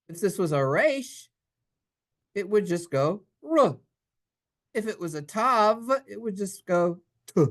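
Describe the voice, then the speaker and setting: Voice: mid-range voice, lively intonation, normal speed. A Hebrew teacher leading a playful, sing-song classroom reading lesson and acting out the letter sounds. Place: synagogue classroom.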